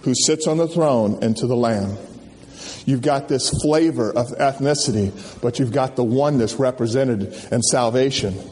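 A man preaching a sermon at a conference, animated and folksy, firing questions at the crowd. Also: mid-range voice, moderate pace. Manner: animated, call-and-response questions, folksy slang. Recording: long hall reverb.

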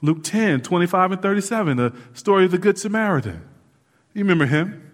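A man preaching a sermon as pastor, lively and casual with asides and laughs to the congregation. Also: high-pitched, a little fast. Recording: hall reverb.

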